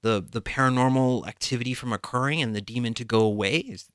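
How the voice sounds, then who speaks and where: A man hosting a podcast, asking halting questions with restarts and giving short backchannels. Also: medium pitch, clear, resonant tone, no echo, studio quality. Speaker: podcast host. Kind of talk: interviewing, brief backchannels.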